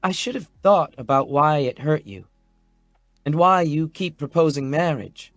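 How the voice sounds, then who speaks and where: A man's voice: on the high side, unhurried, no room sound, faint music behind, voice pushed up, close to an everyday voice. Man voicing a wobbly tender young woman. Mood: remorseful. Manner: wobbly, emotional, soft-spoken. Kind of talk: audiobook character voice.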